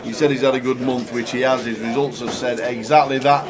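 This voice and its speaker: A man commentates a poker live stream from a poker room at a live event, with a noisy crowd behind him. Upbeat and chatty, he wraps up the day's results and closes with thanks, his mid-range voice flat and a little fast.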